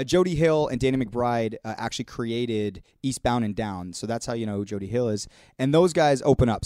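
Animated man hosting a podcast. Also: medium pitch, no room sound, clean studio sound. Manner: animated storyteller, acts out voices. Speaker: podcast host. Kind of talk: casual chat.

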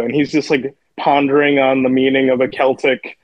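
A man's voice: medium pitch, level tone, fairly quick, no echo, dull audio. A man co-hosting a podcast, chatting casually about a film in a laid-back way and laughing along with his co-host. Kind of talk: casual film review chat.

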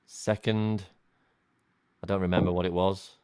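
Dry, lower-voiced man judging. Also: flat delivery, a little slow, a little mellow, clean tone. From England. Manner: dry, bossy judge. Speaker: podcast co-host. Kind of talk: casual chat.

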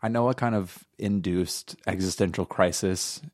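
A man's voice: low voice, normal speed, dry recording, clean studio sound. A man co-hosting a podcast, chatting casually and rambling through jokes and asides. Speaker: podcast co-host. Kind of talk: casual chat.

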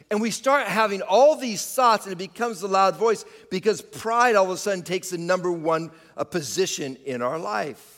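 A man's voice: sits high, animated, moderate pace, hardly any pauses, fairly bright tone, in a large hall. A man preaching a sermon, speaking straight to his congregation and rising and falling for emphasis. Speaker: pastor.

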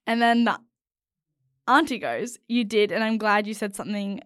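A young woman co-hosting a podcast, reading listener stories aloud in a giggly, animated way. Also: mid-range voice, moderate pace, dry recording, clean studio sound. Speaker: podcast co-host.

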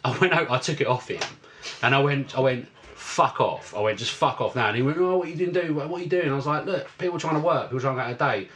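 A man's voice: on the high side, racing, a little hiss or hum. A man, telling a story in a casual podcast chat and swearing a lot. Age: 50s. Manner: swearing, animated anecdote telling.

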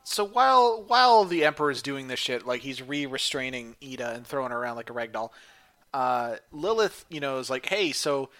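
Man, casual co-host, bright forceful tone, halting and sweary. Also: medium pitch, lively intonation. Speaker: podcast co-host. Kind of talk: casual fan chat.

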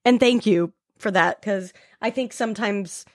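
A young woman guesting on a podcast, speaking in a relaxed, soft-spoken way. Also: mid-range voice, measured pace, dry recording, studio quality. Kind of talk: casual chat.

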